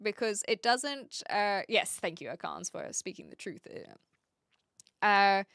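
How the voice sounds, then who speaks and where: A woman's voice: medium pitch, lively intonation, takes it slowly, gravelly, a bit bright, dry recording, clean studio sound. A woman with an Australian accent, chatting casually with her live stream viewers, often restarting her sentences as she answers the chat.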